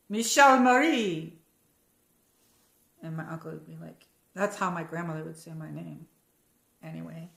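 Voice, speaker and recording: A woman's voice: lowish voice, bright, forceful tone. Chatty American woman in an echoey room. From United States. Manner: rambling, chatty, reads out viewer comments. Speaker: livestream host. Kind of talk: casual live-chat hangout.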